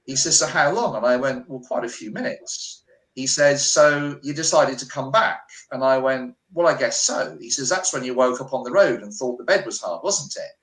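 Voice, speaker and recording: A man's voice: medium pitch, normal speed. A British man, a healer, telling a personal story on a remote call and acting out the dialogue. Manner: animated, acts out quoted dialogue. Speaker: guest healer. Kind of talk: storytelling interview. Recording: echoey room on a call.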